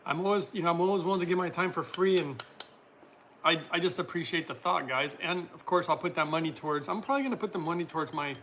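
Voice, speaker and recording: A man hosts a relaxed livestream, reading viewer comments aloud and answering each one. His voice sits a little high and rings very bright and forward, with a faint hiss of room noise under it. He keeps the talk loose and friendly, with frequent laughter. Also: fast talker. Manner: chatty, reads out viewer comments and laughs often. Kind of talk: casual livestream chat.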